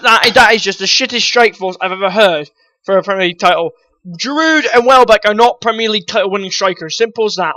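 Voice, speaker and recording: A man with a high, bright, sharp-edged voice rants about football transfers, blunt and quick to swear. He talks straight at his viewers, calling them guys. The sound is close and dry, with no room around it. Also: no room sound, rough recording. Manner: blunt, ranting, swears freely. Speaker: football vlogger. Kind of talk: opinionated transfer-news rant.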